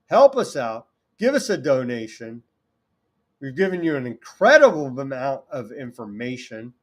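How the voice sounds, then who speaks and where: A man's voice: medium pitch, very animated, moderate pace. A man from California hosting a political talk show, delivering sarcastic, indignant commentary. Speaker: host.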